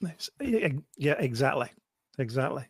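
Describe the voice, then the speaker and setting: A man's voice: mid-range voice, sing-song, normal speed, husky, no echo. A man co-hosting a football podcast, agreeable and hesitant. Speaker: podcast co-host. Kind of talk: casual football podcast chat.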